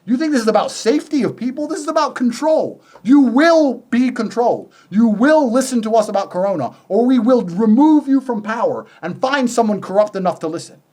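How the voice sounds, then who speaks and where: A man as a podcast guest, delivering a forceful monologue full of swearing and rhetorical questions. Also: very high voice, lively intonation, a little fast, hardly any pauses. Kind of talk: heated monologue.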